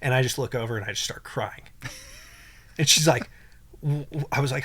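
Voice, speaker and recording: Young male podcast guest, mid-pitched voice, casual and rambling, emotional storyteller. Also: moderate pace, long pauses, fairly bright tone, husky. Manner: rambling, emotional, many fillers and restarts.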